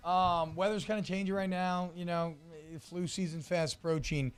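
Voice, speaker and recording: A man, co-hosting a sports radio show, chatting casually and reading ads with energetic, salesy slang. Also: sits high, moderate pace, faint music behind. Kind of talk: casual sports talk and live ad reads.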